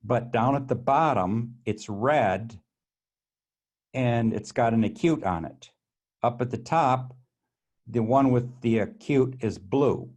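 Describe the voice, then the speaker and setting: A man's voice: medium pitch, takes it slowly, a little mellow. A man teaching Greek grammar, walking methodically through tables on screen and often restarting his phrases.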